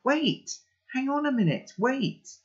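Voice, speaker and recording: An earnest, anxious boy of about twelve who talks urgently and pushes with questions, as a man reading a storybook puts him on. The pitch is lifted above the reader's own, and the sound is dull and lo-fi. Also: sing-song, slow, fairly bright tone, full character voice. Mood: pleading. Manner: urgent, pressing questions, pleading. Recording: dull lo-fi recording.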